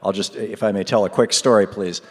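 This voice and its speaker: A middle-aged man, a radio host, telling a rambling, animated story with many fillers and laughs at a live event in a large hall. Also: lowish voice, brisk, slightly rough. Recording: long hall reverb.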